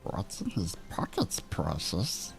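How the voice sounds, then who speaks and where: A man voicing a greedy cave creature with a gravelly, hissing, sly voice. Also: sits low, wildly swooping pitch, slow, soft background music, pitched below the performer's own voice, full character voice.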